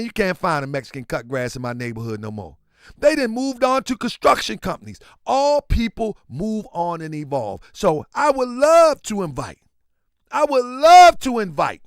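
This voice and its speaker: A man hosting a show and giving a casual commentary monologue. He tells stories in an animated way and keeps saying "man". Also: fairly high pitch, dry recording, studio quality. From Baltimore. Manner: animated storyteller, repeats "man" often. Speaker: show host.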